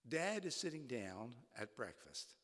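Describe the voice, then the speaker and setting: Halting former professor in an echoing church. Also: male voice, mid-range voice, very animated, fairly bright tone. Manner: halting, with many restarts. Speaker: retired college faculty. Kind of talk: live storytelling talk. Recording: long reverb in a church.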